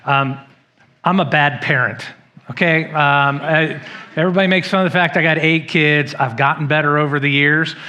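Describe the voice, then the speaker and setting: A middle-aged man preaches to his church in a bright, forward voice that sits a little high. He tells stories with self-deprecating humor and acts out the quotes. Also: steady tone, moderate pace. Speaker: pastor. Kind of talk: sermon. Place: church sanctuary.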